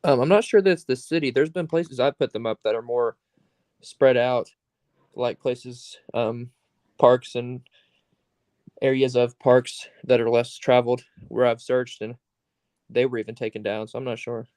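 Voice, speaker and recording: A man's voice: mid-range voice, fairly even intonation, a little mellow, no echo. Earnest man in casual chat. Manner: earnest, opinionated, loose with pauses and fillers.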